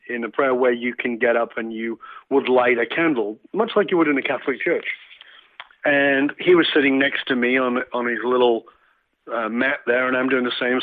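A man from England telling a reflective story in conversation, with many fillers and restarts. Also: mid-range voice. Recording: tinny phone-like line.

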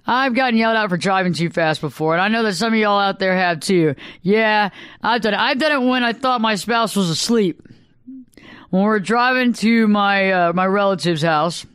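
A woman, a couples therapist, talking casually and acting out quoted arguments in sudden high bursts. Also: fairly bright tone, clear, resonant tone, no echo, clean studio sound. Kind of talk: casual solo monologue.

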